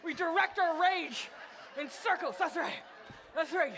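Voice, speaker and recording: A woman comedian hosting a live event, loudly and playfully shouting questions at the audience to whip up a crowd warm-up. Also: very high voice, a little slow, background noise. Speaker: host, comedian. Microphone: clip-on mic that keeps falling.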